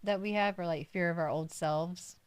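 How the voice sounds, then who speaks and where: A woman co-hosting a faith podcast, chatting casually and chiming in quickly. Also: lowish voice, fairly even intonation, smooth, no room sound. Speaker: podcast co-host. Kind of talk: casual Bible discussion.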